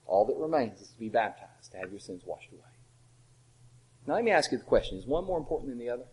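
A man preaching a sermon, asking rhetorical questions and swinging between loud emphasis and quiet asides. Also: mid-range voice, rough recording.

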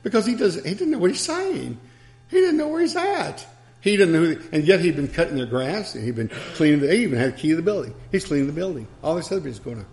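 Gravelly-voiced man preaching a sermon. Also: fairly high pitch, big pitch swings, quick pace, darkish tone. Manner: storytelling with chuckles and asides.

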